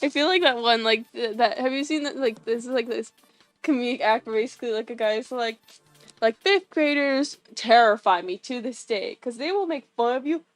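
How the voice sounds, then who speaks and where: A woman's voice: on the high side, brisk, no echo. A young woman chatting casually on a livestream while she draws, rambling with lots of fillers, restarts and giggles. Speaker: animation streamer. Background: faint music.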